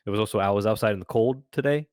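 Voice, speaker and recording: A man's voice: lowish voice, rapid-fire, a little mellow, no room sound, studio quality. A tired young man co-hosting a podcast in laid-back, teasing casual chat. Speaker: podcast co-host.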